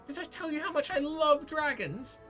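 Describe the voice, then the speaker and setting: A woman's voice: high voice, expressive, normal speed, a bit bright, faint music behind, pitched above the performer's own voice. A woman voicing an overjoyed little girl who loves dragons, gushing and squealing as she reads game dialogue aloud. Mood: excited.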